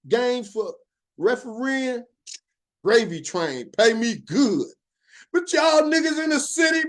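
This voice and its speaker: A middle-aged man, hosting a podcast and speaking in an emphatic, drawling monologue. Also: sits high. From Chicago. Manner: animated, emphatic, drawling storytelling with laughs. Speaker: podcast host. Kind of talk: opinionated monologue.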